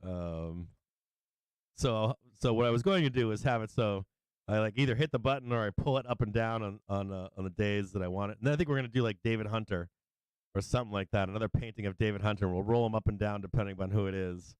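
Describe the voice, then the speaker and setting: A middle-aged man with a low, smooth and resonant voice gives loose live commentary on trading charts. He laughs a lot and swears freely. The sound is dry and close to the mic. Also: fast talker, dry recording. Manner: laughing, sing-song chanting, swears freely. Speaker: stock market livestream host.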